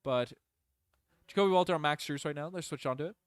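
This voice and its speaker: Clearly rooting for one side, this young man streams fan commentary, rattling through plays and shouting when momentum favors his team. He's close to a dry mic, with no room sound, and his voice is smooth and a bit high.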